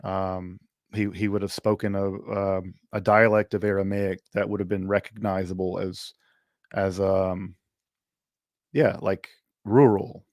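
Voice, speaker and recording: A man's voice: low voice, vocal fry, no echo, clean studio sound. A man from Mississippi, hosting a livestream Q&A and talking casually with lots of fillers and restarts. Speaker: host. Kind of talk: livestream Q&A chat.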